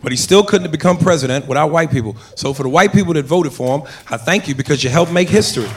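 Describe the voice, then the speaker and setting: A man's voice: a little high, fast talker. A man doing a stand-up routine, talking straight to the crowd in a punchy delivery. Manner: punchy, addresses the audience directly. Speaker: stand-up comedian. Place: comedy club stage with audience. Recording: roomy club with crowd noise.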